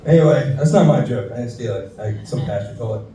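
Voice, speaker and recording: A man's voice: mid-range voice, a little fast, mellow. Profane man doing stand-up. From Houston, Texas. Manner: profane storytelling with voiced quotes. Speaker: stand-up comedian. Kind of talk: stand-up set. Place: saloon stage. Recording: echoey room from far off.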